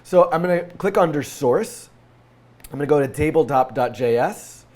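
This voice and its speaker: A man's voice: on the high side, animated, moderate pace, darkish tone. A man with a scratchy voice from a cold, hosting a live-coding tutorial and thinking aloud with frequent fillers.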